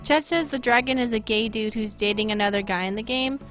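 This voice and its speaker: A woman with a Boston accent giving live gameplay commentary, excitable, gasping and laughing often. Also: a little high, brisk, faint music behind. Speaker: streamer.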